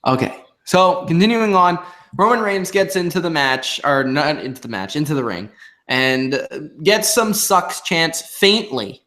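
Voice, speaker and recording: A young man reviewing a wrestling episode in relaxed chat, his voice sitting a little high. He walks through each segment and drags out the quoted lines for effect. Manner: retells promos, often slowing to quote lines. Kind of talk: casual recap and commentary.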